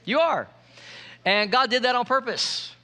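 A male pastor preaches a lively sermon at a measured pace, his voice high and brightly ringing. Playful and joking, he keeps calling out for his congregation to respond.

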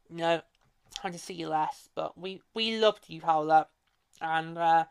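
A woman's voice: low voice, a little slow, creaky, clean tone, no echo. A woman hosting a hockey podcast, talking casually and emotionally, rambling with frequent restarts. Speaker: podcast host.

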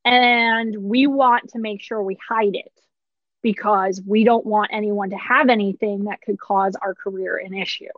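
A woman's voice: medium pitch, steady tone, a little slow, no echo, dull audio. A woman in her thirties, a pharmacist, candidly telling a personal story with short laughs through hard moments.

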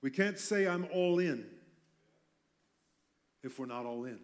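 A man preaching a passionate sermon, swinging between loud emphasis and quiet intensity, with light humorous asides. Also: medium pitch, expressive, slow pace.

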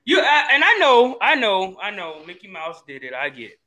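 A man co-hosting a podcast in casual chat, animated and teasing, swearing freely. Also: sits high, moderate pace, a crowd in the background. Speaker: podcast co-host.

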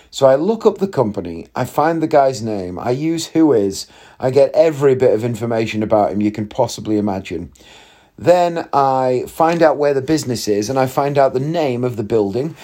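A man's voice: mid-range voice, warm tone. A man, telling a long story in a chatty, rambling way with wry asides. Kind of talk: casual storytelling monologue.

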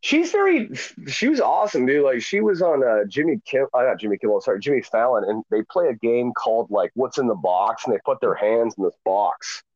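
A man's voice: medium pitch, a little fast, few pauses, no room sound, highs cut off. A man co-hosting a casual comedy chat, swearing a lot and acting out quotes as he tells stories. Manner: swears a lot, animated storytelling with acted-out quotes. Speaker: podcast co-host.

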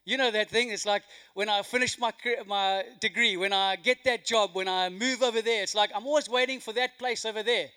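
A man delivers a sermon with a high, bright voice. He moves from loud, emphatic lines to near-whispered hush. His telling is animated throughout. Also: brisk, few pauses, smooth. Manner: animated, swinging from loud emphasis to hushed quiet. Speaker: pastor. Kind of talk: sermon with a told joke. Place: church hall.

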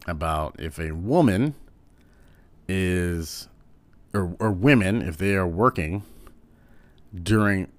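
A man giving a casual commentary, rambling a little and filling pauses with "um". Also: low-pitched, lively intonation, no room sound. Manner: rambling, with frequent "um"s.

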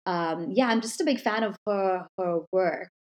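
A woman's voice: medium pitch, a little slow. Chatty woman hosting a podcast. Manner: chatty, rambling questions. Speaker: podcast host. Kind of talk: casual interview chat.

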